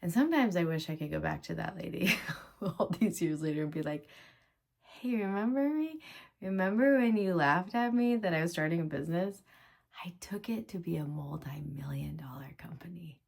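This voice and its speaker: Low gravelly-voiced woman telling a story. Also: normal speed. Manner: animated, laughing, drops into whispers for inner thoughts. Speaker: vlogger telling her story. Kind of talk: casual storytelling vlog.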